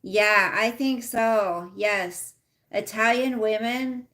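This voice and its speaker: A woman's voice: medium pitch, slow pace, a bit bright. A middle-aged woman casually chatting with viewers on a livestream, reading out their comments. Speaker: livestream host. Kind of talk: casual live chat with viewers.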